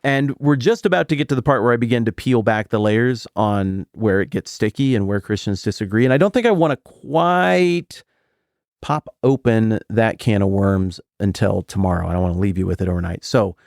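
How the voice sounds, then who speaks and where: A middle-aged man hosting a Bible podcast, teaching in a casual, animated way with jokey asides and sudden high jumps when he quotes people. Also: moderate pace, gravelly, dry recording, studio quality. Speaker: podcast host.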